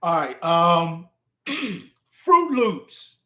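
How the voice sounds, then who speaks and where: A man's voice: high-pitched, big pitch swings, drawn-out words, pushed and bright. A man hosting a live stream in a casual, laid-back way, chuckling often and spelling words out letter by letter as he chats with viewers.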